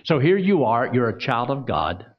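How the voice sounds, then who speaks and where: A man's voice: medium pitch, sing-song, moderate pace, slightly rough, highs cut off. A man preaching a sermon, asking the congregation questions and reading scripture aloud. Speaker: pastor.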